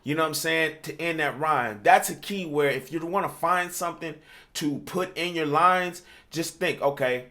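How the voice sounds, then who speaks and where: A man's voice: a little high, moderate pace, bright, forceful tone. A man teaching how he writes rap verses, talking loosely with lots of "you know what I'm saying", breaking into rapped examples. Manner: loose and conversational, with frequent fillers and rapped demos. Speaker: rap coach. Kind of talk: casual tutorial talk.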